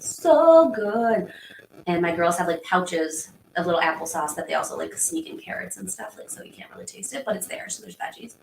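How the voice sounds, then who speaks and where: A woman in her thirties hosts a livestream, chatting casually and rambling as she answers viewer comments. Her voice is lowish with vocal fry. The room is echoey, with a faint hum in the background.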